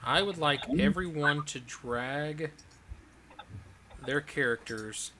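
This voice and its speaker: A man narrating as game master for a livestreamed tabletop game, relaxed and halting, with many ums and restarts. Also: fairly high pitch, background noise.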